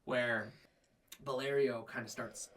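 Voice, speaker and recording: A man's voice: mid-range voice, fairly even intonation, slow, a bit bright, far from the mic. A man narrating a tabletop game as game master, rambling with many fillers. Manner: rambling, filler-heavy, frequent laughs.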